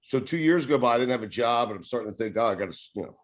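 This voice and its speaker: A man in his forties with a New York accent, telling stories in a casual interview, rambling and relaxed, swearing and laughing as he goes. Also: medium pitch, racing. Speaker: sports radio host, podcast guest.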